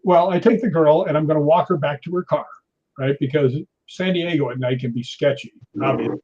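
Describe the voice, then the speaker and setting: A middle-aged man telling a ghost story in a casual interview, animated, often tagging his lines with "right?". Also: fairly high pitch, brisk. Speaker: guest. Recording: dull lo-fi audio.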